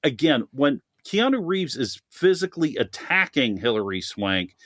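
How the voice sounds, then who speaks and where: Lively, chatty man on a podcast. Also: mid-range voice, normal speed, dry recording, clean studio sound. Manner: animated, chatty, laughs often. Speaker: podcast guest, film discussion. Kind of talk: casual podcast chat.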